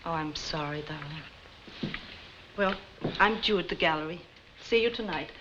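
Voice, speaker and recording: A woman's voice: medium pitch, a little fast, background noise, lightly acted. A woman playing a poised, polite gallery owner in a 1950s TV drama. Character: poised woman who owns an art gallery. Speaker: art gallery owner and wife. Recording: dull lo-fi 1950s TV soundtrack.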